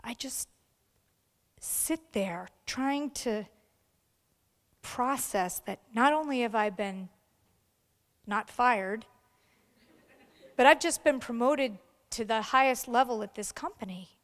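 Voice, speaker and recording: A woman's voice: on the high side, slow pace, long pauses, a bit bright, big-room sound. A middle-aged woman giving a storytelling speech to an audience, acting out the voices of the people she quotes. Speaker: keynote speaker. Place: large event hall.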